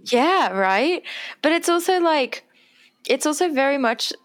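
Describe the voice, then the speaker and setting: A woman co-hosting a podcast in casual chat, animated and quick to agree. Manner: animated, jumps in pitch, eager agreement.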